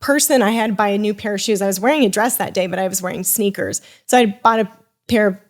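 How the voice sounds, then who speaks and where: A young woman telling a personal story on a podcast as a guest, animated and rambling, with many restarts, acting out the people she quotes. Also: mid-range voice, quick pace. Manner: acts out quoted voices in her story. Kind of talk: casual storytelling.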